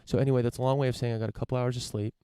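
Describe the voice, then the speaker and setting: A man's voice: medium pitch, level tone, racing, dark tone, clear, resonant tone, dry recording. A young man hosting his own podcast from his parents' home, talking in a loose, rambling, profane way with lots of fillers and restarts. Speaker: podcast host. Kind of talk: casual solo podcast monologue. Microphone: camera setup for a live stream.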